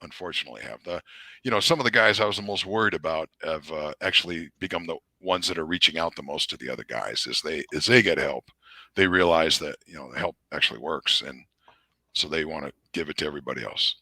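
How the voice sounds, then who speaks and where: A middle-aged man, a retired Marine, telling stories in a rambling, animated way with many fillers. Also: a bass voice, quick pace, no echo, studio quality. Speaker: podcast guest, retired Marine officer. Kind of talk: casual storytelling interview.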